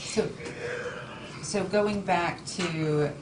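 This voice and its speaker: A woman presiding as judge in a courtroom, asking measured, methodical clarifying questions. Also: fairly low pitch. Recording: distant echoey room mic with noise.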